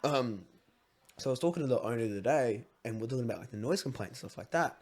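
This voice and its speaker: A young man, hosting a podcast and telling a story in a casual way, swearing freely and acting out shouted quotes. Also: mid-range voice, animated, quick pace. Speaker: podcast host.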